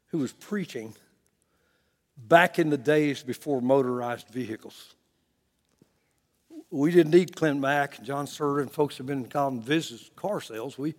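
A preacher tells a story in a sermon, his voice sitting high for a man. He swings between loud bursts and hushed lines, with chuckling asides. A long reverb trails him through the church. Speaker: pastor.

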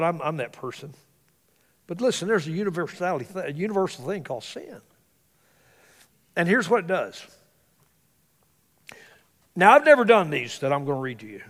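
High-voiced preacher in a reverberant church. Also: male voice, sing-song, moderate pace, long pauses. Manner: swings between loud exclamations and hushed asides. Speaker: pastor. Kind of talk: sermon. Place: church sanctuary.

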